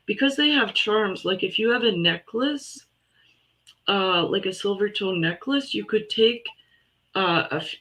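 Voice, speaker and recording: A woman from Canada, co-selling on a live sale stream and calmly explaining her jewelry pieces. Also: medium pitch, low-quality recording. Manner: easygoing, explains pieces plainly. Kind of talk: live online sale chat.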